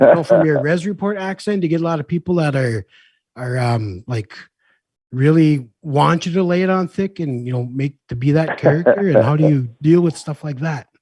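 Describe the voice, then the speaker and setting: A man hosting a casual interview in a northern Minnesota reservation accent, talking in a rambling, halting way with lots of fillers. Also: on the high side, dark tone, no echo. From Red Lake, Minnesota. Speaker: host, comedian.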